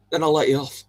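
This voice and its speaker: A man's voice: on the high side, darkish tone. A man hosting a livestream, chatting casually with viewers in a jokey, giggly way. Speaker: livestream host.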